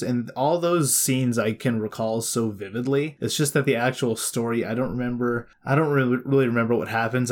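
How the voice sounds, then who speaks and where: A man in a relaxed movie podcast chat, talking in an animated way. He exclaims freely and groans now and then. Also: mid-range voice.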